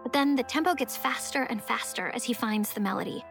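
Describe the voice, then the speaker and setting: A woman narrating a children's fantasy audiobook in the first person, lively and expressive. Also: on the high side, a little fast, gravelly, soft background music.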